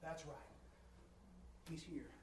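A man preaching a sermon, swinging from quiet asides to shouted appeals and drawing amens from the congregation. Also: a little high, takes it slowly, recorded from a distance, background noise. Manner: call-and-response with the congregation. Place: church sanctuary. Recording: echoey church, voice picked up from afar.

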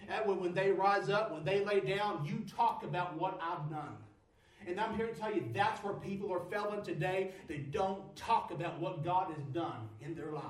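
A high-voiced man preaches in an echoey church, heard from a distance. He shifts from loud, pleading prayer into low, quiet talk. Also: moderate pace. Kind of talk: sermon.

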